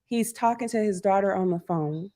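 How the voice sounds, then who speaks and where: A woman co-hosting a podcast in casual chat, an expressive storyteller. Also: medium pitch, moderate pace. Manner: expressive storyteller, acts out quotes. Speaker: podcast co-host. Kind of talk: casual chat, retelling a film.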